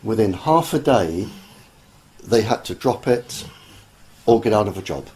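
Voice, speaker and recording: A man, speaking as an interview guest in an earnest, deliberate way with many pauses and fillers. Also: on the low side, lively intonation, a little mellow. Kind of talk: slow conversational explanation.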